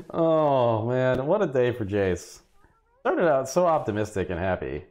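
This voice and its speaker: A man streaming a game and chatting casually, laughing often and exclaiming at what happens on screen. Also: medium pitch. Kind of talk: casual gameplay commentary.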